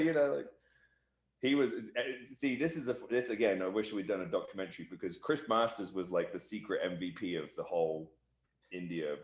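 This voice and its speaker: The guest, a wrestler with a fairly low voice, shares an animated backstage anecdote during a shoot interview. Speaking rapidly and loosely, he does voices for whoever he's quoting, while the room rings with echo.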